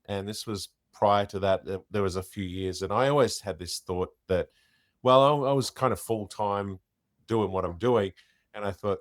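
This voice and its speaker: Low-voiced Australian man, lively and dry. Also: moderate pace, no echo. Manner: animated, chatty, with restarts. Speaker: guest impersonator. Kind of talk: casual interview storytelling.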